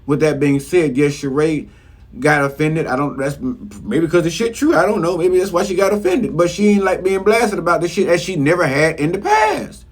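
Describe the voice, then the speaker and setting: A man's voice: on the high side, lively intonation, normal speed. A man giving a casual, profane recap of a reality show episode, scolding the cast bluntly. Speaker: reality TV commentator.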